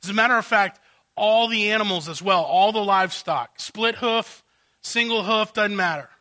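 Pastor guy preaching, highish voice, really bright sharp tone, acts out the bible characters as he goes. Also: moderate pace. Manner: expository preaching with dramatized paraphrases of the text. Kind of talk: sermon.

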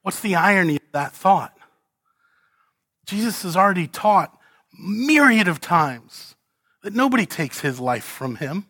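A man preaching an expository sermon, asking rhetorical questions and swinging between loud emphasis and hushed lines. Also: high voice, lively intonation, a little slow, long pauses, no echo. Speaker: pastor.

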